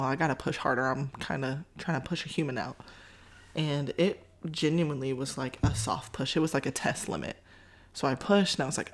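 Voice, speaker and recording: A woman, a podcast host telling a story in a casual, animated way and acting out other people's lines. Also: low-pitched. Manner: animated, voices others in quotes, Southern-style "y'all".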